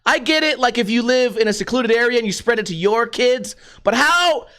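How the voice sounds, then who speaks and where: A man's voice: very high voice, lively intonation, brisk, pushed and bright. A man hosting a solo podcast, ranting casually and profanely and throwing in put-on voices. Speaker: podcast host.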